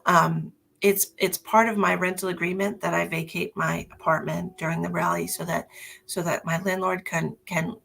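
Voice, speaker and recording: Middle-aged woman host, husky and slightly low, chatty and meandering, live-stream feel. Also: little pitch movement, normal speed, a bit bright. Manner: chatty, rambling, affectionate toward viewers, many fillers. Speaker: psychic medium hosting live readings. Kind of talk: casual live-stream chat.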